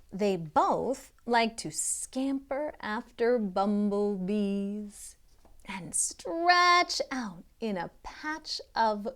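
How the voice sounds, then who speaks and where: A young woman and literacy tutor reading a children's picture book aloud, expressive and chatty, with asides to the listener. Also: medium pitch.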